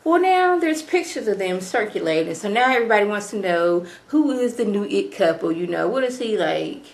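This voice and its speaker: A woman's voice: medium pitch, normal speed, reverberant. Chatty woman recapping a TV episode. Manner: chatty, slangy, animated retelling. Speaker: TV episode reviewer. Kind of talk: casual recap vlog.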